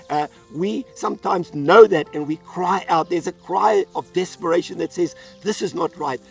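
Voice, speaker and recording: A man's voice: on the high side, creaky, far from the mic. A man pastor delivering an earnest sermon, telling a Bible story and acting out its voices. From South Africa.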